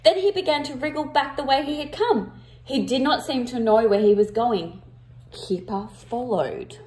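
A woman reading a picture book aloud to children, with expressive emphasis, and pausing to ask her listeners questions. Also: on the high side. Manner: interactive, asks the listeners questions.

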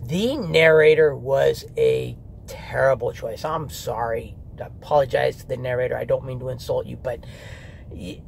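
A man's voice: medium pitch, sing-song, normal speed, vocal fry, slight background noise. A man giving a candid, rambling spoken review of an audiobook, with restarts and mock asides.

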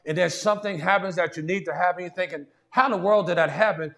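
A man's voice: sits high, quick pace, vocal fry, fairly bright tone. A man preaching a sermon in a conversational way, often saying "see" and "watch this" and restarting his sentences. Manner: frequent restarts and stammered repeats.

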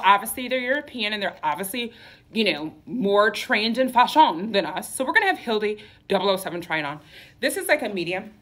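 In a mid-range, fairly bright voice, a woman sells clothing on a livestream from her boutique. Her patter stays sassy and campy, with "okay?" and "honey" everywhere.

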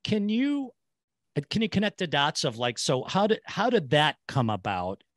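A man's voice: a little high, huge pitch swings, normal speed, no echo. Dry-sounding man hosting an interview. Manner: warm storyteller, affirming, repeats words. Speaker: podcast host. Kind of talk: casual interview chat.

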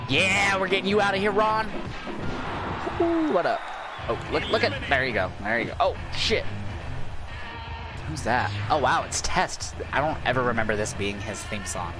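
A man giving excitable, cursing commentary while playing a video game, his voice going hoarse. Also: a little high, moderate pace. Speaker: gaming channel host. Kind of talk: casual gameplay commentary. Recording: game music loud behind voice. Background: video game music.

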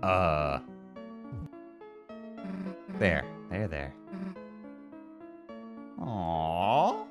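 A man's voice: sits low, sing-song, very slow, pauses often, music in the background, heavily acted. A man voicing a brash, tough teenage girl friend in a game playthrough, talking in a blunt, teasing way. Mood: gruff comforting. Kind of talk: voice acting over a game playthrough.

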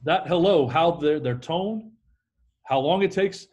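A man's voice: a little high, expressive, normal speed, darkish tone, highs cut off. A middle-aged man, a sales trainer, talking energetically in a podcast interview and acting out phone calls.

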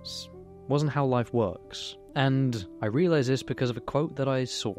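A man's voice: mid-range voice, a little slow, darkish tone, faint music behind. A young man, speaking candidly and earnestly in a personal motivational monologue, swearing now and then. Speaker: YouTuber.

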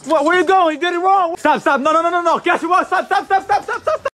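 A man in casual banter, teasing and talking fast, working as a shop clerk. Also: extremely high pitch, a bit bright, faint music behind.

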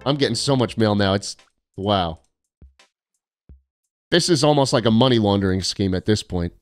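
Young male streamer, joking and sarcastic, animated delivery, faint background music. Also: fairly low pitch, normal speed. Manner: sarcastic, joking, mock-arrogant. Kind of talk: casual live-stream chat reading viewer postcards.

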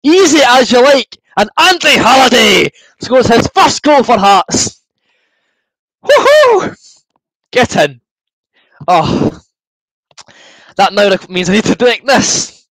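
A Scottish man hosting a live football watchalong, excitable and chatty, cheering, laughing and talking to his viewers over a desk microphone. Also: extremely high pitch, takes it slowly, no echo, rough recording. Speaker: livestream host.

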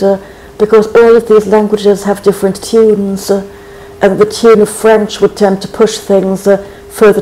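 A speaker in their forties from Trinidad, answers interview questions slowly and thoughtfully. The voice stays flat and even. Its tone is soft and dark, with frequent thinking pauses. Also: mid-range voice, creaky, a little hiss or hum, low-quality recording. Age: 40s. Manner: thoughtful and measured, frequent hesitations. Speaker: guest poet. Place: college.

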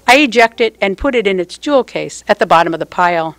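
An older woman reads her own prose poem at a standing microphone, taking her time over each phrase with a tender, measured touch. Her voice sits at an ordinary middle pitch, and the sound is close and dry, with almost no room around it. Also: animated, fairly bright tone, dry recording. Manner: slow, measured, tender delivery. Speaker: poet. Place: public poetry reading.

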